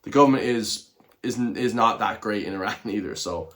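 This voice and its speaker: A man's voice: lowish voice, moderate pace, crowd noise. A man giving blunt, rambling reaction commentary on a video, full of fillers and asides. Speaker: reaction vlogger.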